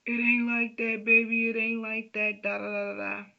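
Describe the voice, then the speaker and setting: Woman doing a guy begging it ain't like that, defensive and dodgy, higher and gravelly. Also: little pitch movement, moderate pace, dull audio. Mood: pleading denial. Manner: defensive, evasive, trailing off. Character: pleading man, her husband, denying cheating.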